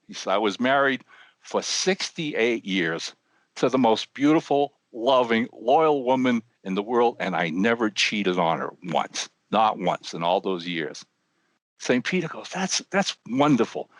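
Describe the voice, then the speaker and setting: An older man co-hosting a podcast, telling a long joke with animated voices for the characters. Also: on the low side, a little slow, no room sound. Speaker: podcast co-host. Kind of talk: telling a joke, casual chat.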